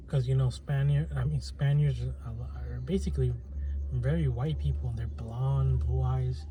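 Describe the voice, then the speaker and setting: A man muses aloud in a loose, meandering monologue, his voice deep-toned and very mellow. He stops and restarts often, leaning on fillers as he gathers his thoughts. A faint drone of passing planes and traffic sits under the recording. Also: steady tone, normal speed. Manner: hesitant, many restarts and fillers. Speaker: channel host. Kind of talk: casual rambling monologue. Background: faint plane and traffic noise.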